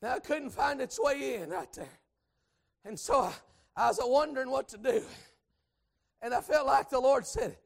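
A man preaching a storytelling sermon in folksy speech, swinging from hushed asides to shouted exhortation. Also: very high-pitched, normal speed, vocal fry, long pauses. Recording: church service with congregation responses. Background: congregation.

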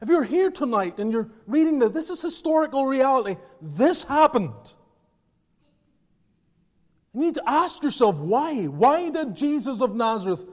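A man preaching a sermon as pastor, earnest, moving between hushed and fervent passages. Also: extremely high pitch, sing-song, measured pace. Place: church sanctuary. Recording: church with long reverb.

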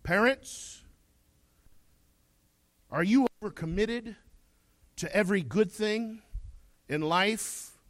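A man's voice: sits high, takes it slowly, long pauses, no room sound. A man preaching a sermon, reading scripture aloud and then pressing his listeners with pointed questions. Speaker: pastor.

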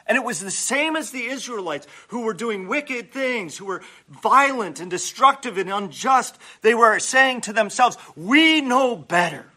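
A male pastor preaching a sermon in an animated way, acting out prayers and dropping humorous asides. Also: high-pitched, normal speed.

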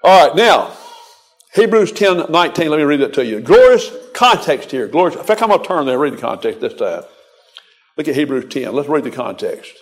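A man's voice: fairly high pitch, big pitch swings, fairly quick. An older man preaching a folksy, exhorting sermon, quoting scripture in a rhythmic cadence.

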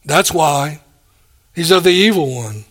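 A man preaching a sermon, animated, acting out the people he quotes and chuckling between points. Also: on the high side, measured pace. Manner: animated, acts out quoted speakers.

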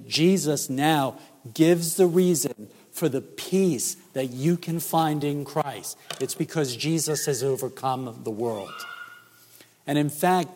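Slow, emphatic male preacher in a reverberant hall. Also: a little high, a little mellow, slight background noise. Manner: emphatic, measured preaching with rhetorical questions. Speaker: pastor. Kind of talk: sermon. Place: church sanctuary.

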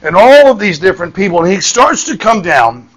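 A man's voice: high-pitched, very animated, a little fast, a bit bright, husky, low-quality recording. A man, preaching a sermon in a folksy storytelling manner, often repeating words and checking in with "okay?". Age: 50s.

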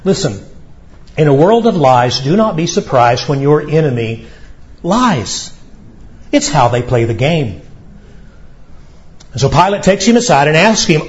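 A male pastor delivering a sermon, preaching emphatically with dramatic pauses. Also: fairly high pitch, sing-song, lo-fi sound.

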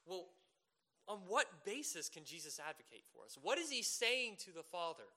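Bright, high-voiced man preaching a sermon. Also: very animated, normal speed. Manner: earnest, rising to emphatic peaks with rhetorical questions.

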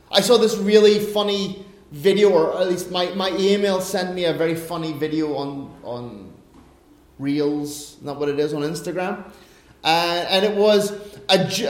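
High-voiced Irish pastor in an echoey room. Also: male voice. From Ireland. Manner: chatty, anecdotal, self-deprecating preaching. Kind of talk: sermon. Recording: roomy echo.

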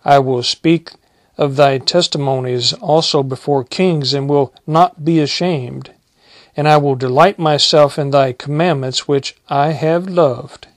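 A man preaching, reading psalms aloud in a slow, measured way and adding short comments. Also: fairly high pitch, no room sound. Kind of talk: Bible reading and sermon.

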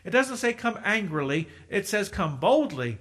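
A high-voiced man preaching from the pulpit. He reads scripture aloud in old-fashioned wording and swings between loud, emphatic rises and quiet, hushed asides. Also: big pitch swings, normal speed. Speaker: pastor. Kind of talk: sermon.

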